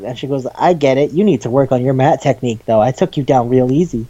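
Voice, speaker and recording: A man co-hosting a casual chat about manga, animated, acting out scenes in quoted lines and swearing freely. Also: medium pitch, fast, lo-fi sound. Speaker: podcast co-host.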